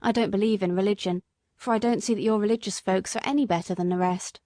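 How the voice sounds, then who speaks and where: A woman's voice: mid-range voice, steady tone, fast, dark tone, no echo, natural voice. Woman reading as a cynical, scoffing cabman. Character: scoffing, cynical male cab driver.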